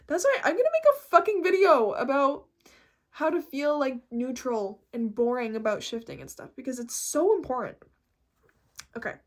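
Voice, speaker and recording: A woman vlogger chatting casually and reading notes aloud, excitable and profane, laughing easily. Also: a little high. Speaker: vlogger explaining reality shifting.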